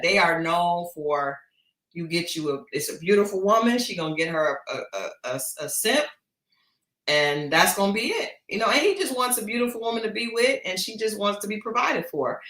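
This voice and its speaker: This woman co-hosts a livestreamed podcast-style chat show from a home studio, bluntly gossiping about a reality dating series and retelling it with energy. She has a lowish voice, heard in an echoey room.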